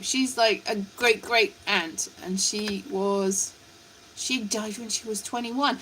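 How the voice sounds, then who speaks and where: A woman's voice: fairly high pitch, fairly bright tone, a little hiss or hum. A woman rambling in a scatterbrained, chatty way while greeting viewers on a casual live stream. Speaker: livestreamer.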